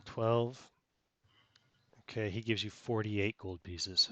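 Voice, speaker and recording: A man's voice: lowish voice, fairly even intonation, takes it slowly, sharp tone, dry recording. A man running a tabletop role-playing game for friends, talking casually, laughing often and stumbling over the math. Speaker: game master.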